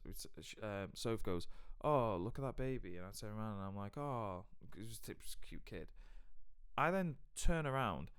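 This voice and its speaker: A young man co-hosting a podcast rambles through chatty travel anecdotes with lots of restarts, in the style of casual podcast storytelling. His voice is lowish, a bit bright, clear and resonant, recorded in a clean studio with no room sound.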